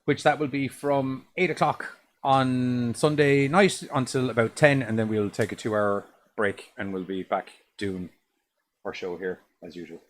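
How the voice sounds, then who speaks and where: A man's voice: medium pitch, fairly even intonation, measured pace. A man co-hosting a horror podcast in casual chat, rambling with restarts and swearing. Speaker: podcast co-host.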